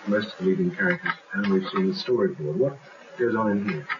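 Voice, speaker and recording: A man's voice: on the low side, fast. A man interviewing for a documentary, asking brief questions and recapping. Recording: dull 1970s audio with clear hiss.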